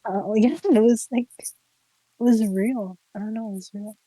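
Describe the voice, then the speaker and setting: A young woman streamer casually telling a ghost story, animated and giggly, full of "like" fillers. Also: a little high, moderate pace, husky, low-quality recording. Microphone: streaming mic.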